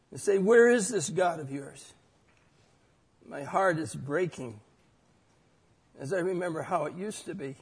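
Man preaching, high voice, long church reverb, loud declaring then soft reflective scripture reading. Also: husky.

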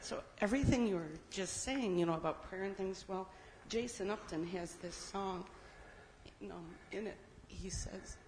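A woman's voice: medium pitch, moderate pace, a little mellow. A woman from the congregation sharing a testimony, hesitant with many fillers and tearful. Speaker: congregation member. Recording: roomy hall with long reverb, faint noise.

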